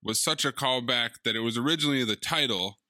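A man co-hosting a podcast, reviewing a movie in casual chat with wry, deadpan jokes. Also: medium pitch, fast, dry recording, clean studio sound. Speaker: podcast co-host.

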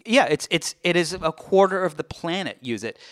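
A man's voice: a little high, expressive, normal speed, no echo. Chatty male podcast host, dry studio sound. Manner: chatty, self-deprecating, trails off softly at ends. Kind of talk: casual podcast chat.

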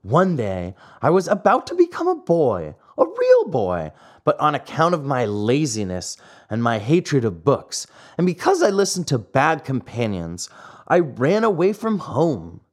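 A man voicing a lively boyish wooden puppet, telling his tale cheekily in a storybook reading. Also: on the high side, measured pace, exaggerated voice. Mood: cheeky.

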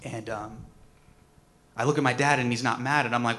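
Bright-voiced man telling an animated story. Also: mid-range voice, moderate pace, pauses often. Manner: animated storytelling, acts out quotes. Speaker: comedian. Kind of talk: personal tribute speech.

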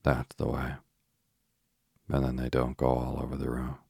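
A man's voice: extremely low pitch, monotone, normal speed, vocal fry, dark tone, breathy edge, dry recording, studio quality, heavily acted. A man voicing a deaf, fussy, kindly old village woman in a bedtime story, with homely country talk.

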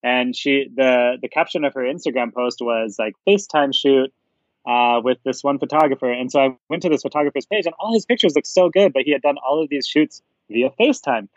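A man's voice: mid-range voice, a little fast, no room sound, muffled recording. A man chatting casually as a podcast guest, easygoing and laughing along. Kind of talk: casual chat.

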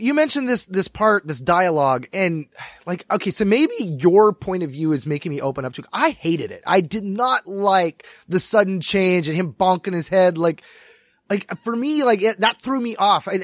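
जोशीली, ऊँची आवाज़ वाला आदमी. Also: male voice, high voice, moderate pace, no room sound, studio quality. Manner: animated, excitable, stumbles over words. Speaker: podcast co-host. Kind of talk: casual chat and sponsor read.

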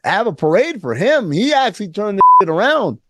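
A man co-hosting a casual sports talk show, animated and sarcastic, often acting out quotes in mock voices. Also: sits high, fairly quick. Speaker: podcast co-host.

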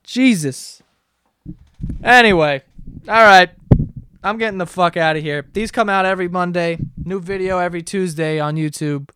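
A young podcast host, a man, rants in a profane, excitable rush, his voice sitting high and his throat sore from yelling. The sound is close and dry, with no room around it. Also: brisk, few pauses, clear, resonant tone, no room sound. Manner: profane, excitable ranting with sudden loud outbursts. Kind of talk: solo comedic rant.

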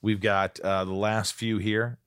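A man hosting a podcast, signing off casually, reading out names in a relaxed, joking way. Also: on the low side, a little slow, clean tone, no echo, studio quality. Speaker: podcast host.

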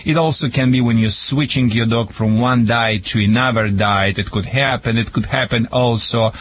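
A man's voice: mid-range voice, steady tone, moderate pace, fairly bright tone. A man from Russia with a Russian accent, joking and giving dog training advice on a call-in radio show in broken English. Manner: playful, joking, broken English with many restarts.

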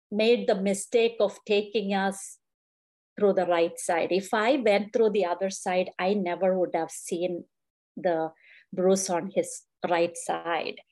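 A woman's voice: medium pitch, steady tone, slow, dark tone. A middle-aged woman, a grieving mother in an interview, earnestly recounting events and quoting what people said to her. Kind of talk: emotional personal account.

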